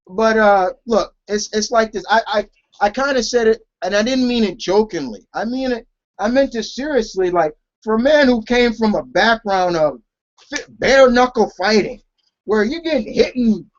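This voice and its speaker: A man's voice: high voice, lo-fi sound. A man co-hosting a casual wrestling talk show, rambling with many restarts. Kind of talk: casual chat.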